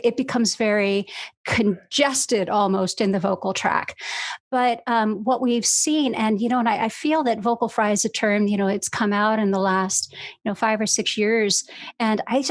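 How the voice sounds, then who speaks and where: A woman's voice: on the high side, dry recording. A woman voice coach explaining breathing in a casual podcast chat, talking fluidly with many "you know"s, over a video call. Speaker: voice and communication coach, guest.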